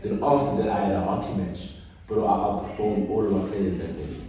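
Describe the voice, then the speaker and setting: A man, a guest on a podcast, telling stories in casual chat and swinging from quiet to loud as he goes. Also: lowish voice, fairly even intonation, a little fast, distant mic, slight background noise. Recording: echoey room, speaker off-mic.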